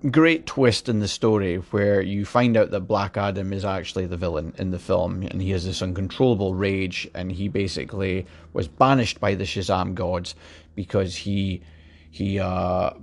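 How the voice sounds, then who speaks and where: Scottish man, gravelly low voice, sweary film-review rant. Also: darkish tone. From Scotland. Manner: sweary, exasperated, frequent restarts.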